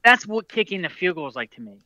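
A man's voice: high voice, big pitch swings, quick pace, sharp tone, dry recording. A man hosting a sports podcast, talking casually and rambling, with frequent restarts and a lot of "dude". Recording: dull lo-fi dry recording.

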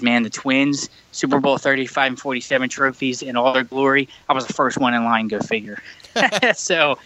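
This podcast co-host, a man on a remote call mic, spins a rambling, filler-filled story during casual chat. His medium-pitched voice comes across bright and forceful; there's no room sound, but the audio is poor.

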